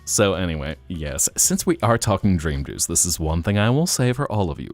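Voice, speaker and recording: Animated, low-voiced male streamer. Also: moderate pace, few pauses, soft background music. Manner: animated, rambling, jokey. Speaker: live stream host. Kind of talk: casual live stream chat.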